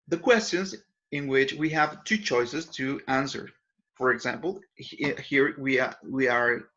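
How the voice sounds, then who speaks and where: A man's voice: a little high, a bit bright. Man teaching grammar, muffled audio. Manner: explanatory, repeats examples, frequent self-corrections. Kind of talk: recorded grammar lesson over slides. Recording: dull lo-fi voice recording.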